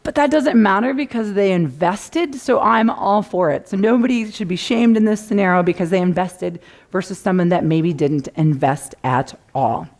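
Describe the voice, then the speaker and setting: A middle-aged woman giving a conference talk, animated and acting out clients' panicked voices. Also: medium pitch, moderate pace, hardly any pauses. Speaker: conference speaker. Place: conference room.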